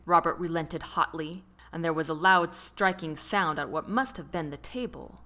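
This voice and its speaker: A woman narrating an audiobook in a slow, expressive storytelling manner. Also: sits low. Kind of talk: scripted narration.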